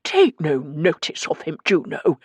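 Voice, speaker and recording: A man's voice: a little high, huge pitch swings, a little slow, husky, dry recording, exaggerated voice. A woman voicing Morris, a fussy and kindly man who worries and is easily scandalised. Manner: anxious, doting, easily scandalised.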